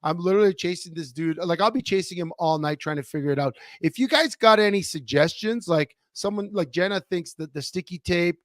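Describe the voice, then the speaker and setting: A man co-hosting a casual podcast, with a slightly high voice. He rambles and restarts as he tells a story. The sound is close and dry, with no room in it. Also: brisk, few pauses, no room sound. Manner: animated, rambling, self-interrupting. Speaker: podcast co-host.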